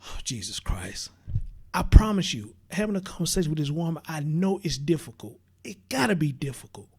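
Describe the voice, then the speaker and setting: A man's voice: a little high, expressive, fairly quick, darkish tone, husky. A man hosting a casual livestream, chatting straight to his viewers and greeting them by name. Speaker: livestream host.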